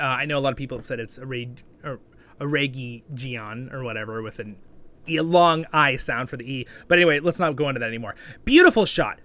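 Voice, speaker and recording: A man hosting a casual episode review, chatty and rambling, often tagging "right?" and jumping up in excitement. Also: fairly high pitch. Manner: animated, with sudden excited jumps. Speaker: show reviewer and channel host.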